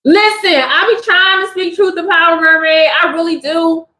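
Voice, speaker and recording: A woman hosting a casual spiritual livestream, talking in an expressive, chatty way to her viewers. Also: extremely high pitch, echoey room, rough recording. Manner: expressive, chatty, drawn-out delivery.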